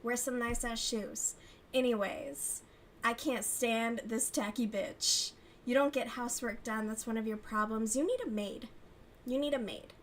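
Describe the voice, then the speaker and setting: A woman's voice: fairly high pitch, moderate pace, slight background noise. Chatty, cussing young woman streamer. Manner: profane, gossipy, laughs often. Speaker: crochet livestream host. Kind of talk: casual chat with chat readers.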